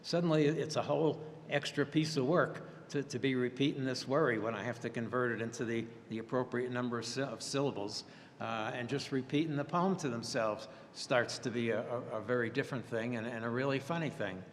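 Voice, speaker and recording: A man, a therapist, presenting a professional webinar in a halting way, with many fillers and restarts and a dry sense of humor. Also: medium pitch, fairly even intonation, long reverb tail, slight background noise.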